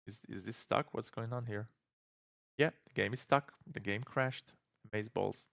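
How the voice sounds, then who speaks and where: Man streaming a game, chatty and exasperated, low gravelly voice, dry close sound. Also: moderate pace, fairly bright tone, no echo. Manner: chatty, exasperated self-talk. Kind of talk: live game stream commentary.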